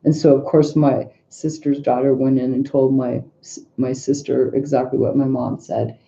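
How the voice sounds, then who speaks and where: A woman's voice: extremely low pitch, little pitch movement, normal speed, vocal fry, warm tone, highs cut off, slight background noise. A middle-aged woman, a tarot reader, telling a personal family story in casual, rambling talk full of restarts and asides.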